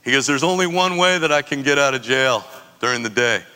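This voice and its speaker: Laughing storyteller man, bright, reverberant. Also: mid-range voice, lively intonation, brisk, smooth. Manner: laid-back, profane, laughs often, acts out others' lines. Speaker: coffee business founder telling stories. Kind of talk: casual storytelling. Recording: long hall reverb.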